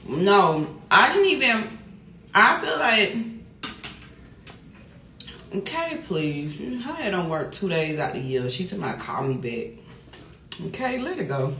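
A middle-aged woman talking casually on a livestream, loud and animated, laughing often. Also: mid-range voice, measured pace, long pauses, a little hiss or hum. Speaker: livestream host. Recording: echoey room with music behind.

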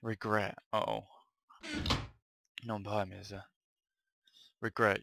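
A man's voice: on the low side, little pitch movement, a little slow, vocal fry, pauses often, pushed and bright, no room sound. A young man giving jumpy let's-play commentary on a horror map, swearing freely when startled. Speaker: gaming video host.

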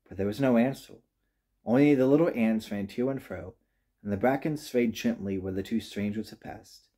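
A man reading a children's storybook aloud with gentle, expressive narration. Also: fairly low pitch, moderate pace. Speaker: reader.

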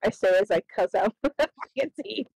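Excitable young woman gaming on stream. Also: mid-range voice, moderate pace, no echo, low-quality recording. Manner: laughing, swearing, excitable. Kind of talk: casual gaming chat.

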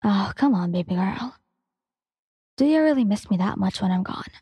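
A woman's voice: mid-range voice, expressive, normal speed, mellow, husky, long reverb tail, voice pushed down. A woman voicing a cocky young male pro hero who teases in a smug, taunting manner. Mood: teasing.

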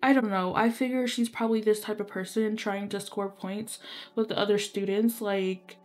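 A woman's voice: medium pitch, fairly even intonation, moderate pace, faint music behind, natural voice. A woman voicing a suspicious, dismissive male professor in her own casual voice.

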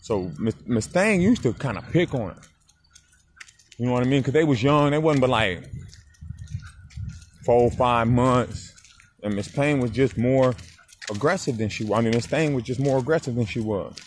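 A man in his forties telling a story in a casual vlog, animated and swearing as he talks straight to the viewer. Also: medium pitch, normal speed, pauses often, slight background noise. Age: 40s. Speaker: dog breeder. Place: outdoors walking a dog.

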